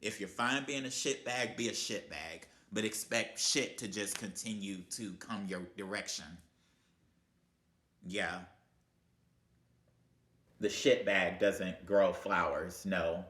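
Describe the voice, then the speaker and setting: A man with a fairly low, bright and forceful voice delivers a profane motivational rant. He talks bluntly and heatedly, cursing at every turn, and his voice rings in an echoey room. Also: unhurried. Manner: blunt, heated, swearing constantly. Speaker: vlogger.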